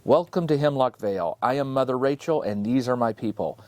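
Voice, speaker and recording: A man gives voice to an imposing older woman who rules her village. She greets strangers formally, at a measured pace. The recording is dry and close. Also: mid-range voice, animated, a little mellow, no echo, close to an everyday voice.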